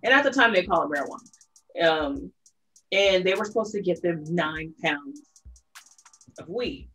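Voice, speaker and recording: Lowish-voiced woman recounting a case. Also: unhurried, soft background music. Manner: storytelling, animated recounting with quoted voices. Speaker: podcast co-host. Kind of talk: casual true-crime podcast chat.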